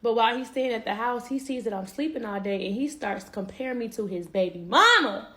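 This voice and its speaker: Woman spilling a story to stream chat, kinda high voice, says y'all a lot. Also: animated, fairly quick, bright, forceful tone. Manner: chatty, addresses listeners as y'all, quotes others. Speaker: guest telling a personal story. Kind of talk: casual storytelling to a stream audience.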